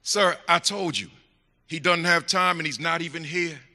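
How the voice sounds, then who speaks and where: A man's voice: a little high, normal speed, pushed and bright, a little hiss or hum, voice pushed down. A man voicing a brusque, dismissive female school secretary during a sermon, in a curt, gatekeeping manner, heard in an echoey hall. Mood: formal.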